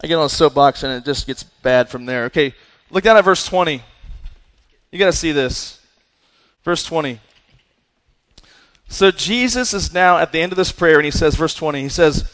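High-voiced energetic male preacher, reverberant hall. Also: normal speed, long pauses. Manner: energetic, repeats "right?" and "listen". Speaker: youth pastor. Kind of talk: sermon to young people.

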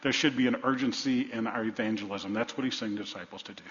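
Preaching pastor in a reverberant church. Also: male voice, fairly low pitch, fast talker. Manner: preaching with dynamic swings from loud to hushed; repeats phrases for emphasis. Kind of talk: sermon. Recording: reverberant hall, dull sound.

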